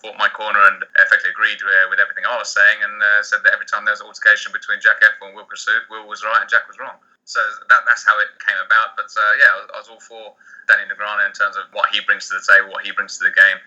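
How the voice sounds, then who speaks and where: A man, a poker player, answering interview questions in a rapid, animated way with many restarts. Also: lowish voice, dull audio.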